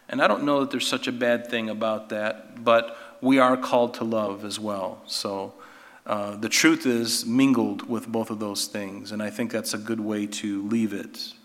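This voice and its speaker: A man's voice: medium pitch, sharp tone. A man preaching a sermon, earnest and emphatic, asking rhetorical questions and restarting his words as he goes. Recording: long reverb of a hall.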